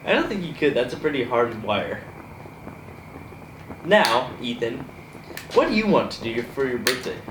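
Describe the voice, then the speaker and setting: A man's voice: mid-range voice, very animated, moderate pace, long pauses, fairly bright tone. A teenage boy hosting a casual podcast chat with his brother, rambling and often laughing. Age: teens. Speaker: host. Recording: echoey room, distant mic, noisy.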